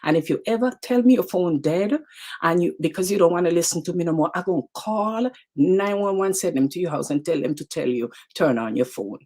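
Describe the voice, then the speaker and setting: A woman's voice: fairly low pitch, expressive, brisk, a little mellow. A woman with a Caribbean English accent, hosting a live motivational talk and speaking straight to her viewers, emphatic and repeating phrases. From Caribbean islands. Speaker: show host.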